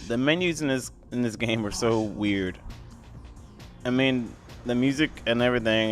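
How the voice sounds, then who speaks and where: A man rambles through a casual voice-over review of an old video game. His voice sits at an ordinary middle pitch, and faint game music plays underneath. He is blunt and opinionated, filling his talk with "I mean" and "like". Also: normal speed.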